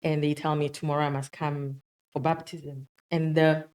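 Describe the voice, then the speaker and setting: South African woman doctor with a lowish voice, interview guest, tells her testimony lively and acts out the quoted voices. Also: moderate pace. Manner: animated storyteller acting out quoted dialogue. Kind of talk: personal faith testimony told as a story.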